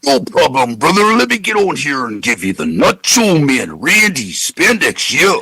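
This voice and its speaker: A man's voice: fairly high pitch, wildly swooping pitch, moderate pace, gravelly, pushed and bright, breathy edge, no echo, pitched above the performer's own voice, heavily acted. A man doing an impression of a hyped-up pro wrestler, with a growling catchphrase delivery.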